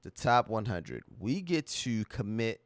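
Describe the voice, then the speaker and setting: A man's voice: fairly low pitch, big pitch swings, a little slow, dry recording. A man hosting a livestream, talking casually to his chat in a candid, emotional, slang-heavy way that repeats itself. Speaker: livestream host.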